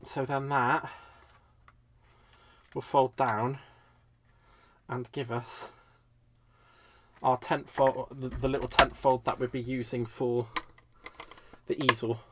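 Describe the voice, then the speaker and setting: A man's voice: medium pitch, little pitch movement, slow, pauses often, slight background noise. A British man hosting a live crafting tutorial in a chatty way, talking viewers through each step while a bit stuffy from a cold. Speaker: crafting livestream host.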